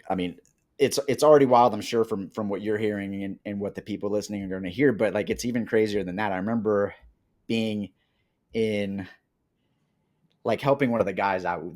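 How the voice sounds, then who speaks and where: Low-voiced Colombian-born man telling his story. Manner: animated, acts out quoted dialogue. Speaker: podcast guest. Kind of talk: casual interview storytelling.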